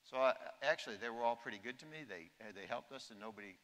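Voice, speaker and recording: A keynote speaker in his sixties acts out quotes while telling humorous stories in his anecdotal conference speech. His mid-range voice is expressive, quick, and fairly bright. The recording echoes through the large conference hall.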